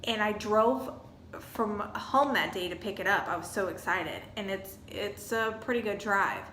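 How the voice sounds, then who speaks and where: A woman vlogger telling a chatty, animated story about a purchase. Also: mid-range voice, a little slow, a little hiss or hum. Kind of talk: casual storytelling review. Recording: echoey room with faint ambience.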